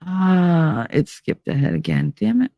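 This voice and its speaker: A woman's voice: low voice, lively intonation, a little slow, vocal fry, mellow, no room sound. Blunt ranting woman in her fifties, dry sound. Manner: emphatic ranting, blunt and profane. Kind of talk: live-stream commentary.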